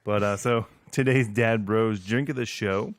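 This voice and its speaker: A man's voice: fairly low pitch, fairly even intonation, a little slow, dry recording. A man co-hosting a casual podcast, rambling with many fillers and restarts. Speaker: podcast co-host. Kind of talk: casual chat.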